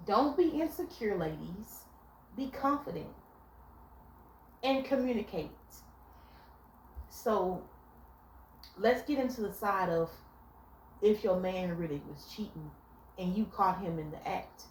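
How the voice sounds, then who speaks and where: In a casual vlog, a young woman with a mid-range voice offers blunt relationship advice, storytelling animatedly and swearing without restraint. The echoey recording has faint ambience and a little hiss or hum.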